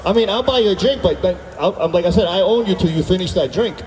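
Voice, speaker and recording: Male stand-up comic, higher voice, booming through an outdoor PA from far off. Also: fast talker. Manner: animated storytelling, acting out dialogue with the crowd. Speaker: stand-up comedian. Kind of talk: stand-up comedy at an outdoor concert. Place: outdoor stage at a summer concert. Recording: echoey outdoor PA sound from far off.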